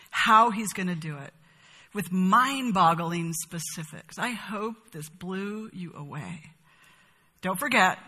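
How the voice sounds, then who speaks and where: A woman teaching a Bible study, reading verses aloud and explaining them in an expressive, emphatic way. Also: mid-range voice, slightly rough, in a large hall.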